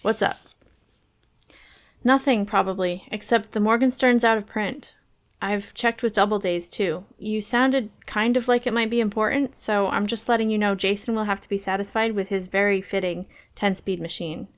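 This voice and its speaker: A woman voicing a sharp wife who is a psychiatrist, asking quick, pointed questions on the phone. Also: mid-range voice, steady tone, natural voice. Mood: brisk.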